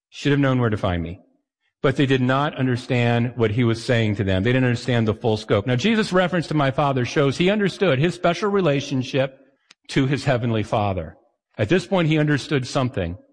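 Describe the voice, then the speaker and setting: A man preaching a sermon as pastor, conversational and animated, sometimes acting out the voices of the people he quotes. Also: medium pitch, fairly quick. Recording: long hall reverb.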